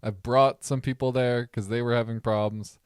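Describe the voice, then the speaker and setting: A young man from the American Midwest with a Midwest accent, co-hosting a podcast in relaxed, rambling casual chat. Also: medium pitch, normal speed, smooth, no room sound, studio quality. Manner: relaxed, rambling, laughs often. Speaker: podcast co-host.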